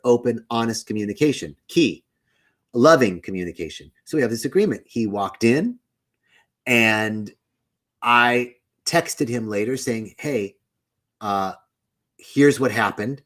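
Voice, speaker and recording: A man's voice: fairly low pitch, a bit bright. A middle-aged man hosting a spiritual live stream, chatting casually, greeting viewers by name and telling a candid story.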